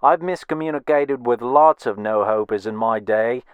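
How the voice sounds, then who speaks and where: Brief: man playing a teasing young Aussie wiseguy, slangy comedy bit, crisp voice, dead-dry sound. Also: mid-range voice, normal speed, no room sound, muffled recording, natural voice. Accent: Australian. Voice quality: heavy slang, teasing patter. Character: cheeky young Australian man, joking wiseguy.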